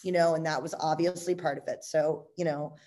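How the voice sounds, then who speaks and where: Woman telling a candid story, low-pitched. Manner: blunt, profane, peppered with "like" and "you know"; animated, quick to laugh.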